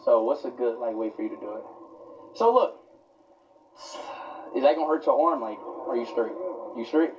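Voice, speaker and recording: A man's voice: medium pitch, moderate pace, long pauses, a little hiss or hum. A young man live streaming on a phone, talking casually with lots of slang and getting easily spooked. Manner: loose slangy talk full of "bro", jumpy and easily scared. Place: walk-through haunted attraction. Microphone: phone held while walking. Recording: roomy far-off lo-fi phone sound with music.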